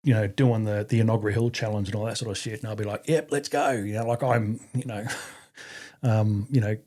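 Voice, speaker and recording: A middle-aged Australian man telling his story as a podcast guest in a halting way, with many restarts and fillers and blunt swearing. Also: lowish voice, flat delivery, dark tone. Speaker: podcast guest, army veteran. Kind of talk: casual conversational storytelling.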